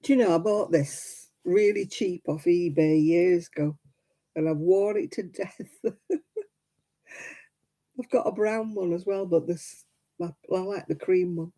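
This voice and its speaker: Woman, middle-aged, very dark mellow voice, slight fry, homely chatty livestream, crocheting. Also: on the low side, measured pace, pauses often, low-quality recording. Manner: chatty and homely, laughs often, counts stitches aloud. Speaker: livestream host. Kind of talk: casual chat while crocheting, answering viewers.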